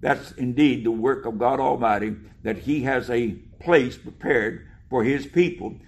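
A man preaching a sermon, reading scripture aloud slowly and with emphasis, with some hesitant fillers. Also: medium pitch.

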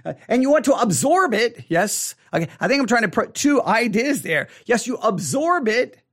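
A man teaching a Bible study, reading scripture aloud and then explaining it with emphatic repetition, slowing down to stress his points. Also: very high voice, big pitch swings, a bit bright. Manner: emphatic, repeats key words, slows down to stress points.

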